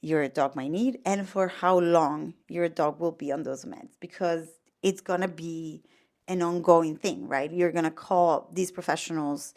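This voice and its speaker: Italian-accented woman, lowish voice, casual dog-behaviorist explainer, chatty with lots of fillers. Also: fairly even intonation, unhurried, darkish tone. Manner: chatty, full of fillers and restarts.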